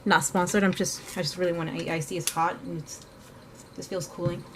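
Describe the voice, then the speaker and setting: A woman's voice: fairly low pitch, flat delivery, a little fast. Woman, art vlogger, casual rambling chat, self-correcting, faint background noise. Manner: chatty, scattered, many fillers and self-corrections; talks while eating at times.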